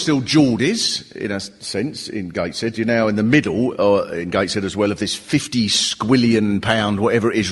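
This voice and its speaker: Guy doing stand-up, bouncy lively delivery, big echoey hall, bit of noise behind. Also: on the low side, husky. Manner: chatty, animated observational storytelling. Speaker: stand-up comedian and host. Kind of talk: live stand-up comedy. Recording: reverberant live hall.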